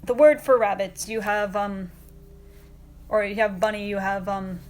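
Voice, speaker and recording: Woman streamer, casual chat, rambling and giggly, mid-pitched voice. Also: steady tone, unhurried, darkish tone. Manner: rambling, many fillers and restarts, giggly. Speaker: livestream host. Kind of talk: casual livestream chat answering viewers.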